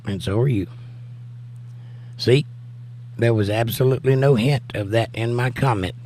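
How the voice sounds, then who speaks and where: A man with a hoarse, nearly worn-out voice hosts a casual livestream, joking easily with viewers and reading their comments aloud. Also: medium pitch, moderate pace, a little mellow, a little hiss or hum. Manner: easygoing and jokey, talking straight to viewers. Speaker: livestream host.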